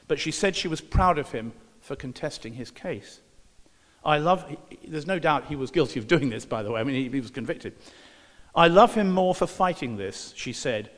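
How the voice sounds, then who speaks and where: A man's voice: on the high side, long reverb tail. A man giving a lecture, reading newspaper passages aloud and breaking in with dry, sarcastic asides.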